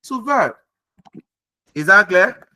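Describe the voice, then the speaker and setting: High-voiced tutor checking understanding. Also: male voice, lively intonation, takes it slowly, pushed and bright, no room sound. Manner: repeats points and checks understanding often. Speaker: English tutor. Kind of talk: online grammar class. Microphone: video call.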